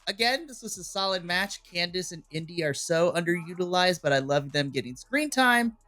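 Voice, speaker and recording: A man's voice: high-pitched, expressive, moderate pace, bright, forceful tone, faint music behind. A man co-hosting a wrestling podcast, recapping events casually with playful quoted voices and laughter.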